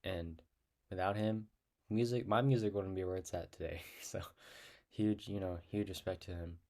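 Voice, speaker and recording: A young man with a low, fairly even voice, speaking at normal speed with a slightly mellow tone, talks casually to his own camera about rap lyrics he wrote. He seems self-conscious and a bit awkward, hesitating and rambling with lots of fillers and restarts.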